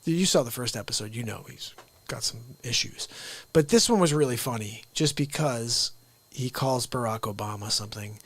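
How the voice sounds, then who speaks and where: A man hosting a live comedy talk stream, talking in an energetic, joking, ranting way into a close microphone. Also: medium pitch, moderate pace. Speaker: livestream host.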